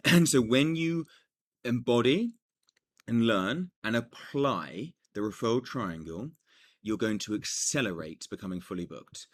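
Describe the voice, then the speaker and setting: A man teaching a coaching lesson in an energetic, animated way, with joking asides. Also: lowish voice. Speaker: business coach.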